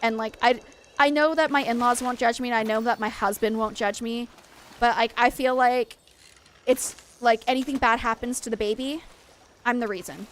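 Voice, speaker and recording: A woman's voice: on the high side, fairly even intonation, moderate pace, a little hiss or hum. A young adult woman hosting a game stream, talking in a loose, rambling way with lots of "like" and restarts. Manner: rambling, heavy use of "like", frequent restarts. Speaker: streamer, host. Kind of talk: casual chat while playing a game.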